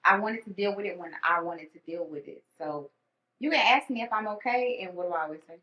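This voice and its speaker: A woman's voice: fairly low pitch, fairly quick. Candid woman in an echoey room. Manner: candid storytelling, acts out her own inner thoughts. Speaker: podcast guest. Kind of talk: casual conversation. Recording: echoey dull room sound.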